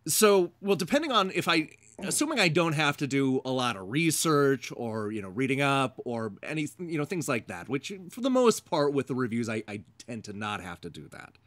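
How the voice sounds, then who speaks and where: A man's voice: mid-range voice, very animated, fairly bright tone, no room sound. A man co-hosting a casual game review chat, reading viewer comments and laughing often. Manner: slow, deliberate delivery with frequent laughter.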